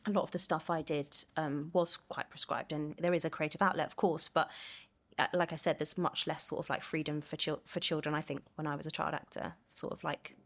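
A woman's voice: deep voice, fairly even intonation, brisk. A young woman from London, an actor, chatting casually in an interview, with lots of fillers and laughter as she tells stories.

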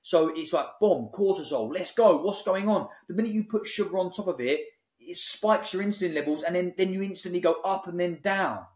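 A man lays out his advice bluntly and forcefully, preaching as a podcast guest. His voice sits a little high for a man. The room around him rings with a clear echo. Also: brisk, few pauses. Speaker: app founder guest. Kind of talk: podcast interview. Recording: roomy echo.

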